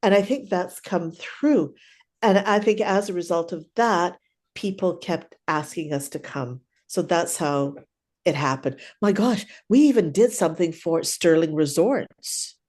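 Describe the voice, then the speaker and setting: A woman's voice: fairly low pitch, a little slow, a little mellow. An older woman, a clown teacher, chatting animatedly through stories in an interview and often tagging her sentences with "right?". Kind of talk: casual storytelling interview.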